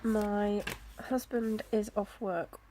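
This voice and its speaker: A woman talks casually through her planner, chatty and self-deprecating, with soft asides and plenty of fillers. Her pitch sits in a middle range, and a faint hiss lies under the recording. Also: fairly even intonation, takes it slowly. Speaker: planner vlogger. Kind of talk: casual chat.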